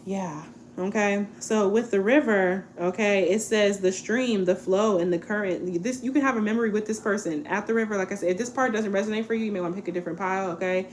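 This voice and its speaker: A woman in her twenties giving a casual tarot reading, chatty and relaxed, often checking in with "okay?". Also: medium pitch, fast, slight background noise. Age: 20s. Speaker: tarot reader.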